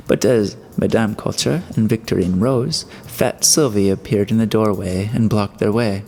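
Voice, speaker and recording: A man narrating a classic novel in steady, scripted storytelling. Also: on the low side, moderate pace, hardly any pauses, soft background music. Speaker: audiobook narrator.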